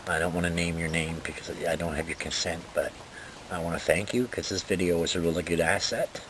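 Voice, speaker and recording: A man's voice: low-pitched, fairly even intonation, a little fast, noisy background. A man ranting indignantly about politics, reading items from notes and swearing often. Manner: indignant, profane, exasperated. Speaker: political vlogger.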